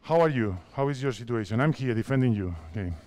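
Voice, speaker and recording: Man, 50s, Spanish accent, basketball coach, halting English, repeats himself, mid-pitched voice. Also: animated, darkish tone. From Spain. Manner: halting non-native English, repeats phrases, directs players. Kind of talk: on-court coaching clinic.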